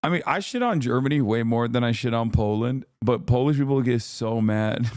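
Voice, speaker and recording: This livestream host, who lives in California, talks at a moderate pace in a medium, somewhat mellow voice. The studio-quality recording is dry, and he swears, rants, and laughs often while answering his chat.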